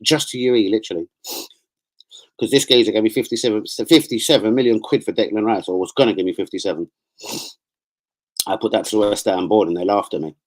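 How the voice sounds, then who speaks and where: A man's voice: fairly low pitch, quick pace, long pauses. A man chatting loosely on a football livestream. His talk is slangy and full of asides and swearing, and he often trails off into fillers. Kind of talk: casual livestream chat.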